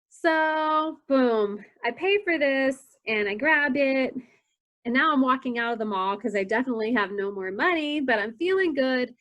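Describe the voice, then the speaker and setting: A woman in her forties gives a training talk through candid personal stories. She is self-deprecating and lively, and her voice sits a little on the high side. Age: 40s. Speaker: prevention educator.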